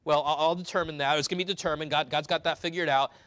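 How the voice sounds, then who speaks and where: Bright-voiced conversational preacher, a man. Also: a little high, steady tone, fast, no room sound. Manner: conversational, explaining scripture verse by verse. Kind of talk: sermon.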